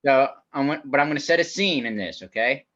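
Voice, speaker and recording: Animated man on dull lo-fi audio. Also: medium pitch, fast. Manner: animated storyteller, chuckling. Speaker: podcast co-host. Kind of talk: casual chat.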